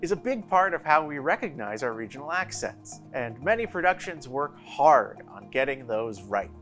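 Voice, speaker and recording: A man's voice: mid-range voice, sing-song, moderate pace, fairly bright tone, faint music behind. A man from New Jersey narrating a scripted news feature as reporter, with a playful delivery.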